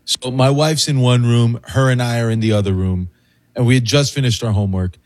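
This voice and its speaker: A man in his thirties on a talk show, telling a family story in a laid-back, chuckling way with a husky voice. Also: mid-range voice, fairly quick, darkish tone. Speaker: co-host. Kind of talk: casual storytelling banter.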